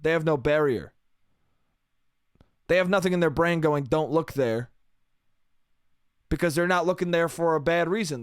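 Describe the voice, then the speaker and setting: A young man talks into a close mic in a loose, profane solo monologue, rambling and laughing at his own jokes. His voice sits a little high for a man and comes across smooth and clean, with a dry, deadened sound and no room echo. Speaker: solo podcast host. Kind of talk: casual comedic monologue.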